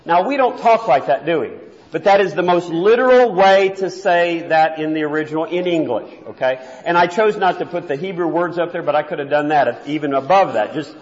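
A man teaching a church Bible class in a conversational way, often repeating words and slowing down to read verses aloud. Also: a little high. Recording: dull sound, long reverb in a hall.

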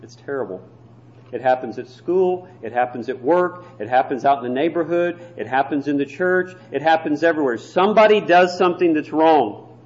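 Man, preacher, sermon, high voice, emphatic, muffled lo-fi sound. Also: lively intonation. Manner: emphatic, slows down to stress key phrases. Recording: dull lo-fi recording.

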